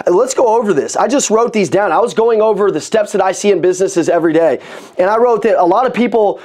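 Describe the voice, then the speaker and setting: A man giving an energetic motivational talk on sales to an audience, repeating phrases for emphasis. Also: high voice, fast talker. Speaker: sales coach. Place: room with an audience.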